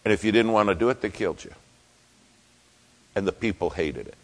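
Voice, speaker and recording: Low-voiced preacher in a reverberant hall. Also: male voice, fairly quick. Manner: emphatic preaching, swinging from loud declarations to hushed asides. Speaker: pastor. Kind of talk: sermon.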